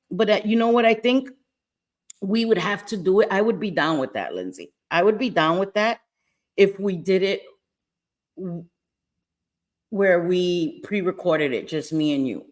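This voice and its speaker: A woman with an American accent hosting a casual livestream, answering chat messages, laughing often and swearing casually. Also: on the low side. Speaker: livestream host.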